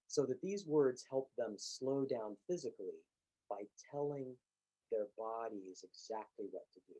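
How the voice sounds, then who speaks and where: A man teaching piano, explaining calmly and patiently, step by step. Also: mid-range voice, normal speed, dull audio. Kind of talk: instructional demonstration.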